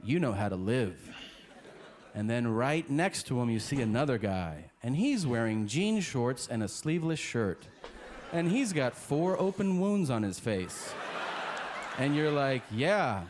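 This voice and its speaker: A man's voice: mid-range voice, sing-song, unhurried, darkish tone. A man performing a stand-up routine, telling stories and acting out the people in them. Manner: storytelling with voices of people he describes. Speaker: stand-up comedian. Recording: noisy stand-up clip.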